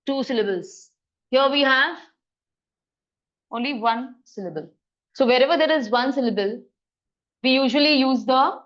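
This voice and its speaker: A woman teaching a grammar lesson in a classroom, brisk and coaxing as she quizzes students. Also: high voice, expressive, dull audio.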